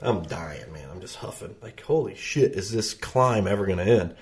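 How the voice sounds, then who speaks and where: A man's voice: sits low, lively intonation, moderate pace. A man chatting as a podcast guest, joking at his own expense and laughing often. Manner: self-deprecating, storytelling, laughs often. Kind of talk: casual chat.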